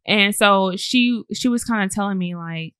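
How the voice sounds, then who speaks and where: A woman's voice: medium pitch, normal speed, fairly bright tone, smooth, no echo, studio quality. A woman in her thirties speaking candidly and emphatically in a casual conversation, using colloquial slang. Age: 30s. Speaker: guest. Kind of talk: casual chat.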